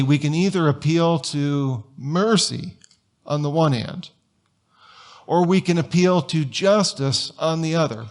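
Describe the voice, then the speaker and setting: A man pastor giving a conversational sermon in a church sanctuary, telling stories and firing off rhetorical questions. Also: fairly high pitch.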